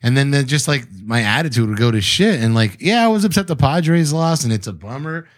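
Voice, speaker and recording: A man's voice: mid-range voice, animated, brisk, dry recording, clean studio sound. A man chatting casually on a podcast in an easygoing, agreeable way, often offering advice. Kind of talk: casual chat.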